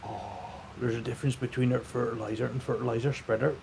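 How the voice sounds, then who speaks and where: A man's voice: mid-range voice, fairly even intonation, quick pace, vocal fry, darkish tone, a little hiss or hum. A British man joining a game stream, chatting casually with dry, joking quips. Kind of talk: casual gaming chat.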